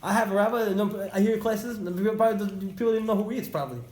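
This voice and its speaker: A man with a high-pitched voice teaching a casual class, animated and storytelling, often repeating himself for emphasis. The sound comes from an echoey classroom with a faint hiss of noise behind it. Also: quick pace. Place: indoor classroom with students.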